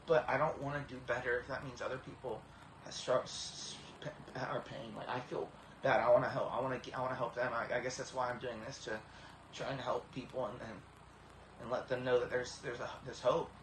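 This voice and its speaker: Earnest halting man, echoey room. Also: medium pitch, little pitch movement. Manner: halting, many repeated starts, earnest. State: tearful, emotional. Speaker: vlogger. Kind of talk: emotional personal testimony. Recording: echoey room with faint background hiss.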